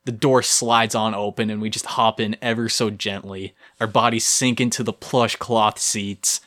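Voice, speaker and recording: A man's voice: on the low side, level tone, moderate pace, a bit bright. A young man co-hosting a podcast, telling a story vividly and playfully in casual chat. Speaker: podcast co-host.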